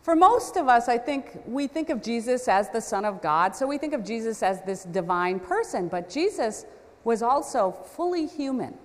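A woman preacher with a fairly high, very animated voice that rises and falls as she tells a story. She talks conversationally, with self-deprecating asides. A long reverb trails her words around a large hall. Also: normal speed. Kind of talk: storytelling sermon.

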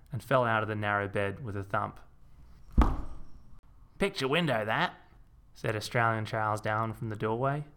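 Brief: male storyteller, dry deadpan delivery, gravelly texture. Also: on the low side. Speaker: narrator. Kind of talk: comic audiobook narration.

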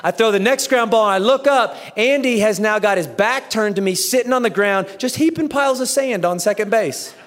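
A man in his thirties preaching a sermon, telling a story with lively acted-out dialogue. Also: high voice, brisk, hardly any pauses. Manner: animated storytelling, acts out dialogue. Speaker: pastor. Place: church auditorium. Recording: echoey church hall.

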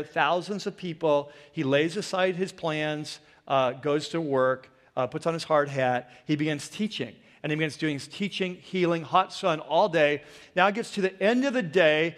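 Joking pastor in a reverberant hall. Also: male voice, fairly high pitch. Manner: chatty, joking, digressive storytelling. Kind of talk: sermon. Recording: long reverb of a large hall.

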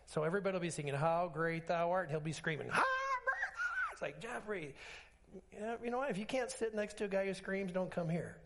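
A man pastor preaching a sermon, telling stories with acted-out dialogue and emphatic swings in pitch. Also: quick pace, heavy background noise. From Alaska.

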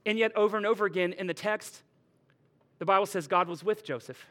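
Slightly high-voiced male pastor preaching. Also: a little fast. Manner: conversational, lively preaching with playful retellings. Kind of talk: sermon.

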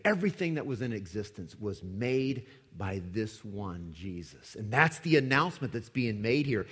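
A man preaching a sermon with dramatic emphasis, swinging from loud declarations to hushed lines. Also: lowish voice, very animated, normal speed, hardly any pauses, breathy edge. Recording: echoey hall with long reverb.

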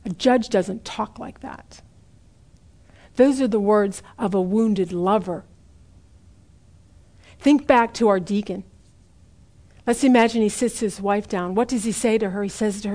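A middle-aged woman preaching a sermon in an earnest way, slowing down to stress key points and asking the listeners direct questions. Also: medium pitch, dark tone.

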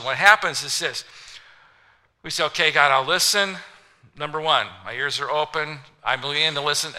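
A man preaching a sermon, animated, acting out little voices and scenes for the congregation. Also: fairly high pitch. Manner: animated, acts out voices of passengers and kids. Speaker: pastor.

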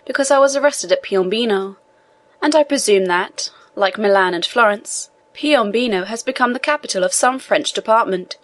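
A woman's voice: medium pitch, normal speed, no room sound, lightly acted. A woman reading the lines of an elderly male prisoner priest who talks in an earnest, pressing way. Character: elderly male imprisoned priest, eager scholar.

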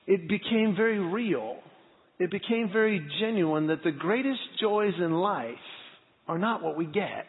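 A man in his thirties preaching a sermon, a pastor animatedly acting out stories about his family. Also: high voice. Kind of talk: sermon with personal storytelling. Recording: phone-like sound with long hall reverb.

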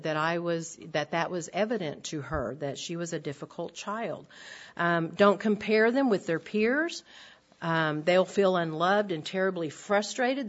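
An older woman giving an earnest, direct Bible lesson to women, with frequent ums. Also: on the low side. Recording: dull lo-fi recording.

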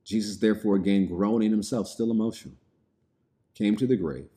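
Male preacher, deep mellow voice, reads verses then unpacks them plainly. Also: brisk. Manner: reads scripture aloud then explains it plainly. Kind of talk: sermon.

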